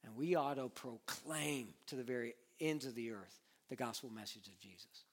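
A man in his thirties preaching a sermon with passion, moving between hushed earnest stretches and fervent, near-shouted appeals. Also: medium pitch, moderate pace. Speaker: pastor.

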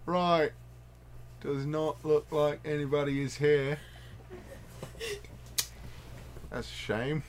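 A man voicing a polite, bewildered man just out of a coma, in a deliberately bad put-on British accent, as improvised comedy. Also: on the high side, big pitch swings, fairly bright tone, slight background noise, full character voice. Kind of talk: improvised comedy role-play.

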